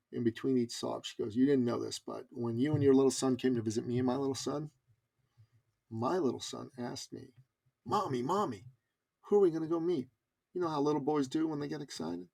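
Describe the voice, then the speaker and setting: A man's voice: mid-range voice, vocal fry, dark tone. A middle-aged man telling a personal story as a podcast guest, earnest and emphatic. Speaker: podcast guest, business coach.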